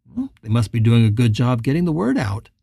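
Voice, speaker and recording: Narrator voicing a grieving man, halting and strained. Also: medium pitch, sing-song, creaky, warm tone, husky, no room sound, voice pushed down, full character voice. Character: grieving man putting on a brave face.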